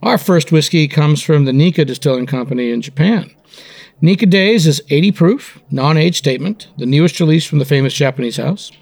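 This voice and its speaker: A man's voice: fairly high pitch, expressive, a little fast, gravelly, darkish tone, slightly rough. Upbeat man describing whisky. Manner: enthusiastic, descriptive. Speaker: co-host. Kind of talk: casual whisky tasting talk.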